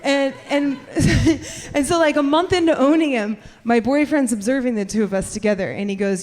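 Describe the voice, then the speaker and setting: A woman performing a stand-up comedy set, telling brash, profane stories and shouting her punchlines. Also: high-pitched, moderate pace. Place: comedy club stage in front of a live audience. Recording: live club recording with reverb and crowd noise. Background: audience laughter.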